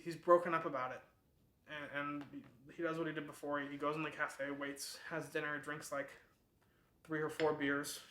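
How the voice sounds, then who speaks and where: A man's voice: fairly high pitch, sharp tone. A man hosting a book club, retelling a novel's plot in a casual, chatty way, full of fillers and restarts. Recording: echoey room.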